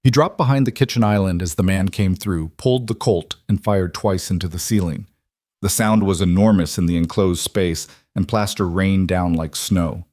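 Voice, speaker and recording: Man reading a suspense story, low voice, dry close sound. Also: darkish tone, dry recording. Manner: measured, suspenseful telling. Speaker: narrator. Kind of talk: scripted story narration.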